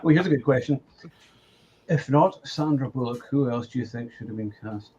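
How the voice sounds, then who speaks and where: A man's voice: mid-range voice, normal speed, mellow. A man hosting a casual movie chat, playful and fond of quoting lines. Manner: playful, quotes lines in put-on voices. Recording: slightly dull lo-fi call audio with faint noise.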